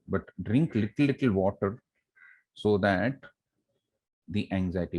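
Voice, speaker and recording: Speaking in a low, husky, slightly mellow voice, a middle-aged man with an Indian English accent offers exam advice as a college academic director. His motivational talk to students leans on repeated key phrases and rhetorical questions.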